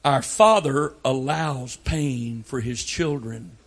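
An older man preaching a sermon, telling folksy family stories and breaking into loud outbursts. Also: mid-range voice, slow pace. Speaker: pastor.

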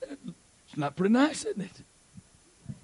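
A man's voice: high-pitched, wildly swooping pitch, takes it slowly, a little mellow, slightly rough. A man preaching a sermon. He repeats his points and acts out little scenes to make them.

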